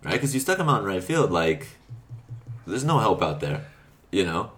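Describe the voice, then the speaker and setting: A man hosting a casual podcast chat, relaxed and rambling, laughing often. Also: low-pitched, moderate pace. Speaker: podcast host.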